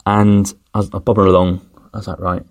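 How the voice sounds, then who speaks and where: A man's voice: low-pitched, flat delivery, fast talker, no room sound, clean studio sound. A man telling a casual travel story as a podcast host, rambling with many fillers.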